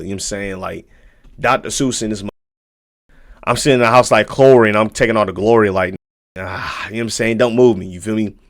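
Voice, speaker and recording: A man streamer reacting live to videos, talking in a loose, slangy and profane way with frequent asides to his viewers. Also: on the low side.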